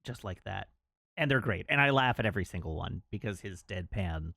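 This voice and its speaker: A man's voice: deep voice, fairly quick, gravelly, bright, forceful tone, dry recording, clean studio sound. A man chatting casually on his livestream, laughing and reading out chat messages.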